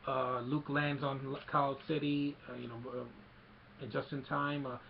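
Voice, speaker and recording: A man's voice: mid-range voice, little pitch movement, a little slow, gravelly, muffled recording, a little hiss or hum. A man casually retelling a movie scene by scene, rambling with many fillers. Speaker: film recap vlogger.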